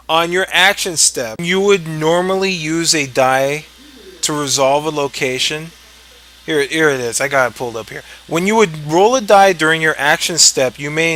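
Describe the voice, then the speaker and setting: A man's voice: fairly high pitch, bright, forceful tone, a little hiss or hum, poor audio. A man ranting about a board game rule late at night, profane and exasperated, rambling with many restarts. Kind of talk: casual ranting commentary.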